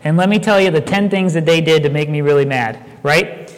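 A man preaching a sermon, talking conversationally and telling stories with animated asides. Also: on the high side, fairly quick, big-room sound, background noise. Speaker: pastor.

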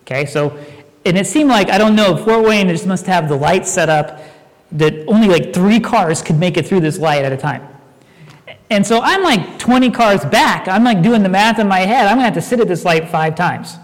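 A man preaching a sermon, talking conversationally and telling stories with animated asides. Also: high-pitched, normal speed, long reverb tail. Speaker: pastor.

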